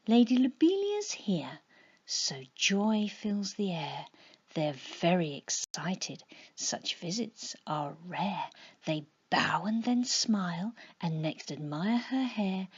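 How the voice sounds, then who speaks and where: A woman reads a rhyming bedtime story in a lively, sing-song voice, often sinking to a whisper. Her tone is soft and husky, and she takes her time. The recording sounds dull and lo-fi. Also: mid-range voice. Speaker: children's author reading her story.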